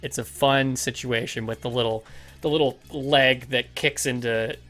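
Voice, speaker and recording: A man from Ontario, co-hosting a casual podcast chat, joking and mock-exasperated and tripping over his words when excited. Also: mid-range voice, normal speed, faint music behind. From Ontario, Canada. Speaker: podcast co-host.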